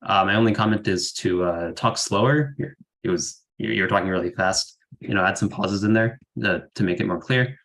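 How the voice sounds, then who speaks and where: A man's voice: lowish voice, moderate pace, creaky, a bit bright, rough recording. A young man judging a debate over a video call, giving casual feedback with many fillers. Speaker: debate judge. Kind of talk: spoken feedback.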